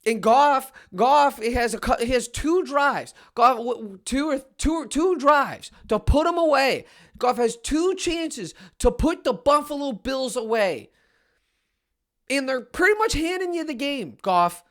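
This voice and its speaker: A young man ranting as a fan on a sports podcast, frustrated and swinging into loud outbursts. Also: very high-pitched, animated, unhurried. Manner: exasperated rant with sudden loud outbursts.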